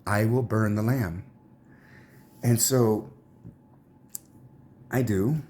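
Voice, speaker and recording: A man telling a personal religious testimony in a rambling, halting way, full of restarts and trailing asides. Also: on the low side, mellow, slight background noise. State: tired, emotionally drained. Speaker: religious teacher.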